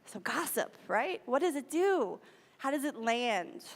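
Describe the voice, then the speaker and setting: A woman's voice: high-pitched, big pitch swings, measured pace. Woman giving a conversational sermon in a reverberant hall. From United States. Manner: conversational, repeats key phrases for emphasis. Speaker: speaker at a spiritual center. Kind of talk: sermon talk.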